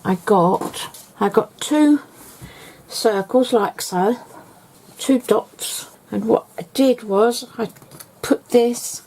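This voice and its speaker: Chatty woman with a gravelly voice. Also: a little high, drawn-out words, darkish tone, slight background noise. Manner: chatty, rambling, step-by-step explaining. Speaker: craft tutor. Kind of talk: casual craft tutorial.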